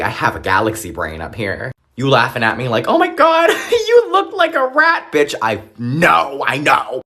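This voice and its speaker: Give me a sassy young man ranting for laughs, profane and exaggerated, with a wildly lively pitch. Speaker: comedian. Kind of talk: comedic rant monologue.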